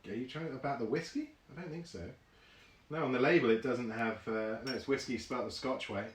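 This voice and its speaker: A man's voice: mid-range voice, a little fast, echoey room. A man hosting a live online whisky tasting, chatting casually with many ums and reading viewer comments aloud.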